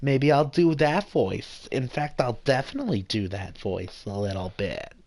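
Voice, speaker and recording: A male streamer reads a game's text aloud in a casual way, dropping joking asides as he goes. Loud video game music plays steadily behind his voice. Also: mid-range voice, lively intonation, a little slow, vocal fry.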